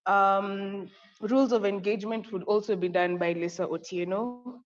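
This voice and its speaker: A woman's voice: mid-range voice, normal speed. A young woman with a Kenyan accent runs through a conference agenda with breathless enthusiasm, laughing easily as she goes. Her voice sits in the middle range. The recording is dull and lo-fi, with a long echo around her. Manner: effusive, excitable, laughing often. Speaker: conference co-host. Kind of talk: live online event hosting. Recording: echoey, dull lo-fi audio.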